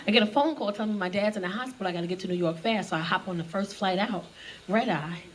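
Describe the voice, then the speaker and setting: A woman's voice: mid-range voice, fast talker. A woman in her thirties doing stand-up, telling brash, profane stories and acting out the people in them, on a club stage with a handheld mic. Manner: brash, profane, acts out quoted voices. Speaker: stand-up comedian. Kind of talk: stand-up storytelling. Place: comedy club stage with audience. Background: audience laughter.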